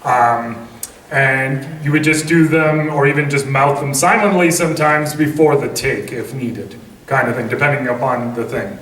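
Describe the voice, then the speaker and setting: A man's voice: medium pitch, fairly even intonation, normal speed, a bit bright. A man voice actor on a convention panel, talking casually and rambling with lots of filler phrases. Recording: echoey hall, distant mic, faint noise.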